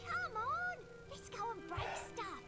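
A woman voicing a teasing, bossy young village girl in a video game, heard over loud game music. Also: very high-pitched, very animated, slow, full character voice.

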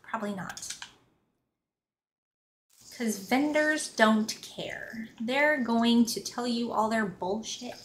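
A woman's voice: on the high side, takes it slowly, pauses often. A woman streaming a video game, chatting casually and grumbling sarcastically, with frequent swearing. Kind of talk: casual live-stream chat while gaming.

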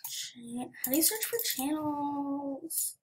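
Excitable high-voiced female gamer, slow talk. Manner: excitable, chatty, drops to whispers while typing. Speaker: gaming channel host. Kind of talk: casual gaming commentary.

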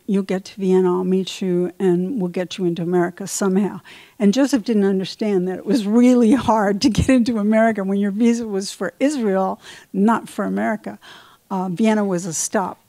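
An older woman, an author at a book talk, telling lively stories in a Q&A and often repeating words as she goes. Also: mid-range voice, no room sound. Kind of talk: anecdotal talk and Q&A.

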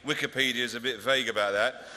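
A male comedian presenting an award at a ceremony in a large converted hall, delivering dry, deadpan, mock-pompous stand-up. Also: medium pitch, quick pace. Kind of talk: stand-up style presentation speech. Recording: reverberant hall with faint noise.

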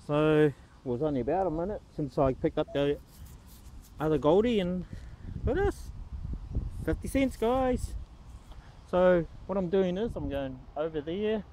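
A man's voice: a little high, warm tone. A man with a New Zealand accent, vlogging in a casual, jokey, upbeat way while metal detecting in a park. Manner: chatty, jokey, upbeat, self-mocking. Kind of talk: casual vlog talk to camera. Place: outdoors in a windy park. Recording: noisy outdoor wind.

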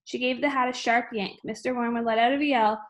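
A woman reading a children's book aloud at an unhurried pace, with frequent small slips and restarts. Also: fairly high pitch, fairly even intonation. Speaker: reader.

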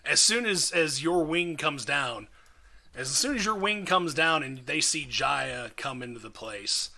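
A man narrates a tabletop game as dungeon master, his tone very bright and forceful and his pitch a little high. He talks in a lively, animated way and often restarts his sentences. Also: measured pace, gravelly. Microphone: podcast mic, slightly odd audio.

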